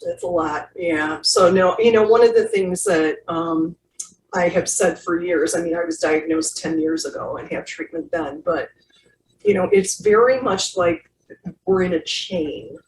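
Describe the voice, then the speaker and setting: A woman host speaks at a middle pitch and does voices for the characters in her stories. She sits back from the mic in an echoey room with faint background noise. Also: animated, measured pace, distant mic. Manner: warm storyteller who does voices for characters. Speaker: podcast host. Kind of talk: conversational interview.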